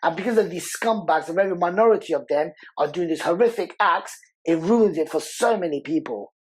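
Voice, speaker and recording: A man's voice: sits high, a little fast, low-quality recording. A man, speaking as a podcast guest in a heartfelt interview, talking passionately and repeating words for emphasis. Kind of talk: emotional interview conversation.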